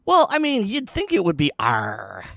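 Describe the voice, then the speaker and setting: A man's voice: high voice, wildly swooping pitch, normal speed, gravelly, no room sound, clean studio sound. A man co-hosting a casual podcast chat, teasing and telling jokes. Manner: teasing, joking. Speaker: podcast co-host.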